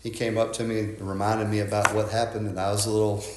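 A man's voice: fairly low pitch, flat delivery, fast, roomy sound, noisy background. A man preaching a sermon as a pastor, conversational and folksy, often asking "right?" and restarting his words.

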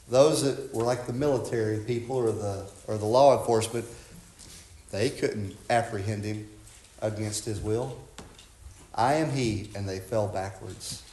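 A man preaching a sermon, impassioned, swinging from loud cries to hushed tones. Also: mid-range voice, reverberant, a little hiss or hum.

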